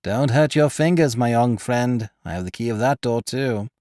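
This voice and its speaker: A man's voice: medium pitch, moderate pace, darkish tone, no room sound, clean studio sound, voice pushed up, natural voice. A man doing a mocking, gun-waving crook. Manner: gruff, mocking, clipped threats. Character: menacing misshapen male clerk, a gun-wielding crook.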